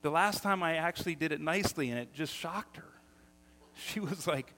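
A middle-aged man preaching a sermon as pastor, telling stories with lively energy and often repeating words as he starts sentences. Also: fairly high pitch, moderate pace. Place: church sanctuary. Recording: long hall reverb.

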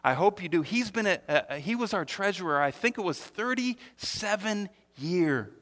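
High, bright-voiced preacher in a hall. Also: male voice, normal speed. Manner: animated, repeats words, acts out quotes. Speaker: pastor. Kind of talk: sermon.

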